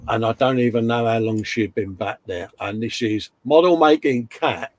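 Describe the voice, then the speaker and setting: A man's voice: medium pitch, moderate pace, darkish tone, dry recording. A middle-aged man hosting a casual live stream, chatting, reading viewer comments aloud and slipping in puns.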